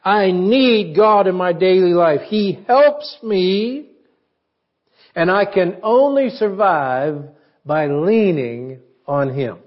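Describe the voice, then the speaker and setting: A man's voice: high-pitched, slow pace, highs cut off. A man preaching a sermon in a conversational way, asking his congregation questions. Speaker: pastor.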